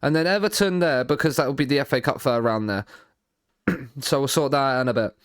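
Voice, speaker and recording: A man streaming a football management game, thinking out loud in a rambling way, often repeating and restarting his words, with dry sarcastic asides. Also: medium pitch, a little fast, clear, resonant tone, no echo. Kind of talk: live stream commentary while playing a football manager game.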